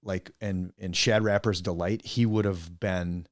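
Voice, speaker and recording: Speaking with a deep voice at a measured pace, this middle-aged coach and teacher from Wisconsin tells meandering stories as a guest in a relaxed podcast interview. He's a lively storyteller who imitates his friends, and the studio sound is clean with no echo.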